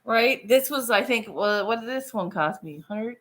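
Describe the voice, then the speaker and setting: A woman's voice: fairly high pitch, animated, moderate pace, a bit bright. A middle-aged woman hosting a casual livestream from her phone, rambling, swearing casually and laughing often. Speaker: livestream host.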